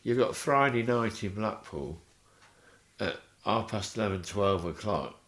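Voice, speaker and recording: A man's voice: lowish voice, a little slow. Older man telling a story. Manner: animated, acts out voices in his story. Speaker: interview guest. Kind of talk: anecdotal storytelling.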